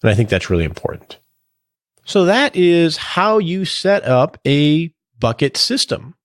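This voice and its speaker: A man in his fifties hosts a podcast in a casual, joking manner. His voice sits a little high for a man and moves all over as he talks. The recording is dry and close. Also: big pitch swings, a little slow, dry recording. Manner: jokey, conversational. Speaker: podcast host and financial planner. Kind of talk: casual podcast chat and explainer.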